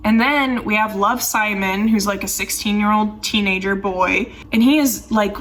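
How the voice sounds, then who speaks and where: A woman's voice: mid-range voice, normal speed, few pauses, fairly bright tone, recorded from a distance, slight background noise. A young woman rambling through a casual film review, full of "like" and sarcastic asides. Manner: chatty, rambling, heavy use of "like", sarcastic asides. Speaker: film commentary YouTuber.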